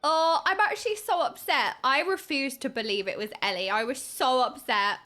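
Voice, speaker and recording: A high-pitched woman talks at normal speed while streaming a game, bantering giddily and playfully with viewers and squealing when excited.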